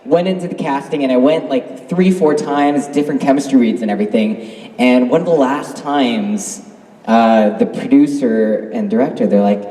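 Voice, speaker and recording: A man's voice: mid-range voice, moderate pace, a little mellow. Chatty man on a convention stage. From Canada. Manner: chatty, laughing, lots of fillers. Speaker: actor on a convention panel. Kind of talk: casual storytelling to a crowd. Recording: roomy hall from a distance.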